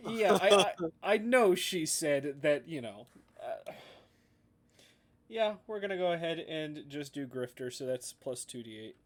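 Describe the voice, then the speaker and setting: Easygoing man player, higher voice. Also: big pitch swings, slow. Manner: easygoing, laughs often. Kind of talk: tabletop game chat.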